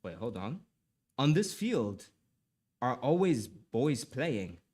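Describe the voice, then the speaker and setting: On a casual livestream, a young man reads aloud and talks with viewers in a mid-range, darkish voice with a slow, sing-song delivery. He tends to apologize, stammer, and repeat himself, and sounds slightly stuffy from allergies.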